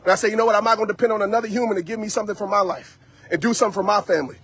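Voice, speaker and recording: A man speaks to his live-stream viewers while out on a walk, pressing a motivational message with lots of repetition. His voice sits high for a man and has a husky, breathy edge. He sounds like he is talking into a phone held in his hand. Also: rapid-fire, a bit bright. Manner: preachy, repetitive, addresses audience directly.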